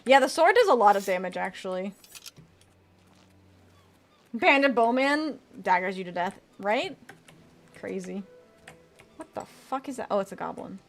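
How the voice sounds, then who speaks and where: Lively chatty woman streamer. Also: mid-range voice, measured pace, pauses often. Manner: chatty, reads out and answers chat, swears casually. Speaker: VTuber streamer. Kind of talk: casual live-stream gameplay commentary.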